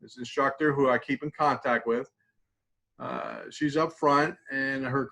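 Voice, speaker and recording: Man calmly guiding a tapping exercise. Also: medium pitch, unhurried, gravelly, rough recording. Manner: conversational, repeats phrases while demonstrating, drops to quiet murmurs. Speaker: mindfulness instructor.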